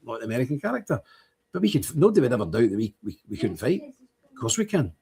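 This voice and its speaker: Older ulster guy hosting a livestream, husky voice, rambly and opinionated. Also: fast talker. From Northern Ireland. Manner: rambling and opinionated, pitch jumping up when animated. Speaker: livestream host. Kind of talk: casual livestream chat.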